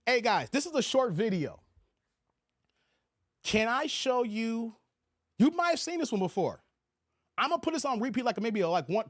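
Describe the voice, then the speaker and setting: A man hosts a loose, casual livestream, chatting to viewers and reading their comments aloud. His voice sits high for a man, and the sound is dry and close with no room around it. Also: dry recording. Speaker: livestream host.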